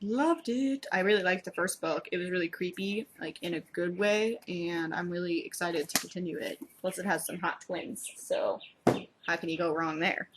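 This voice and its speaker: A young woman book blogger chatting excitedly in a casual vlog, gushing like a fan. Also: on the low side, moderate pace, background noise.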